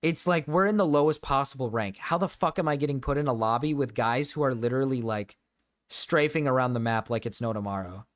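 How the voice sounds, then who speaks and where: A man's voice: medium pitch, fairly quick. A young man streaming, chatting casually to his viewers, rambling and swearing with frequent restarts.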